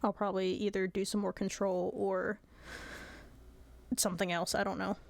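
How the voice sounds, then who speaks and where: A woman's voice: medium pitch, level tone, normal speed, creaky, dry recording. A woman streamer chatting casually with her viewers, giggly and apologetic.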